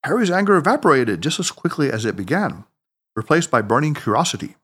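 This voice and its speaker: A man narrating an audiobook story in an expressive, dramatic reading style. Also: fairly high pitch, fast talker, breathy edge.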